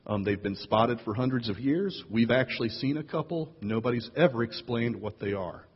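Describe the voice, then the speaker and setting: A man preaching a sermon as pastor, playful and animated, jumping up in pitch to tease and draw in his listeners. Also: moderate pace, breathy edge. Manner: playful, animated storyteller with big jumps in pitch. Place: church sanctuary. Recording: lo-fi echoey hall recording.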